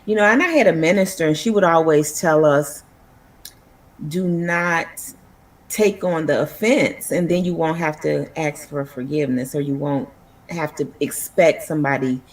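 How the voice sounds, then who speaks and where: A woman's voice: sits low, normal speed. A woman hosting a talk show, affirming and encouraging her guest in faith-based talk.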